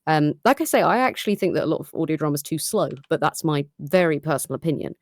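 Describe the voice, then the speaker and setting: A woman with a British accent, a voice actor, chatting casually. She talks fast and is critical of her own work, speaking from her home recording setup. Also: deep voice, lively intonation, no echo. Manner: fast-talking, self-critical. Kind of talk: casual chat. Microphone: home recording setup with headphones.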